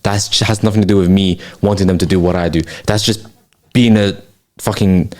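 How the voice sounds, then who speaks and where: A man's voice: deep voice, steady tone, brisk, darkish tone. A young man, hosting a casual late-night chat podcast, ranting with plenty of slang and swearing. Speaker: podcast host.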